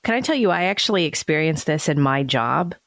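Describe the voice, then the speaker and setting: A woman co-hosting a podcast, asking questions and sharing stories from her own work. Her voice is fairly low with a gravelly fry. The sound is dry and close. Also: lively intonation, a little fast, a bit bright, no room sound. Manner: conversational, asks questions and shares anecdotes. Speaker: podcast co-host, travel advisor. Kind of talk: casual podcast chat.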